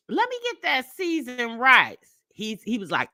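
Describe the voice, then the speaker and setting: A middle-aged woman, chatting casually on a live stream and telling stories, animated and laughing often. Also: high voice, a little slow, dry recording. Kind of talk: casual live chat storytelling.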